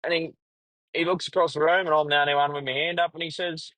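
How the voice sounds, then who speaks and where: A man's voice: a little high, flat delivery, fast talker, bright, forceful tone, no room sound, rough recording. A man with an Australian accent hosting a casual solo podcast, talking bluntly with heavy swearing and rambling into a yarn. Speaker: podcast host, truck driver.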